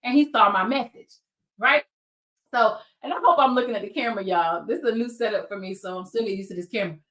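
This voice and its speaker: A woman hosting her own show, telling a story straight to camera in a lively way and talking to her viewers directly. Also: mid-range voice, quick pace. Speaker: searcher for biological families, show host. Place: lives in Georgia.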